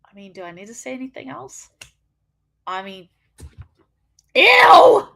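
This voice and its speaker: A woman's voice: mid-range voice, fairly quick, gravelly, a bit bright. A woman hosting a wrestling show, ranting in casual commentary, swearing freely and laughing often.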